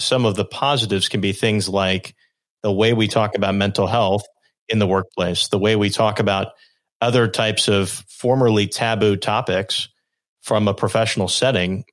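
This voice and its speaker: A man's voice: lowish voice, steady tone, moderate pace. A man hosting a podcast, asking long, winding questions with restarts. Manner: rambling, restarts while framing questions. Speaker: podcast host. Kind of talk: interview questions.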